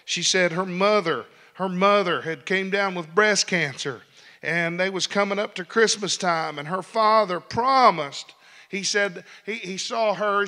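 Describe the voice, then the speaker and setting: A preacher man with a high, bright voice tells homespun stories from the pulpit, then rises into loud, fervent preaching. His words ring out with a long reverb in a church sanctuary. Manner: folksy storytelling, builds to loud preaching. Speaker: pastor. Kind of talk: sermon.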